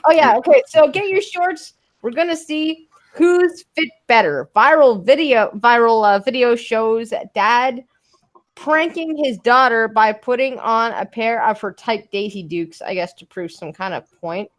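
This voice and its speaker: Brief: woman host of a casual live-stream chat, higher voice, dry and sarcastic, swears freely. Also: a little slow. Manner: dry, sarcastic-sounding delivery with frequent swearing. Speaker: podcast host.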